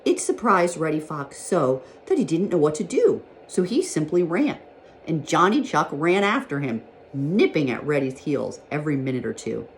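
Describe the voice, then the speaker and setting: A woman teacher with a low, warm voice reads a children's storybook aloud. She tells it in a gentle, expressive way. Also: moderate pace, slight background noise.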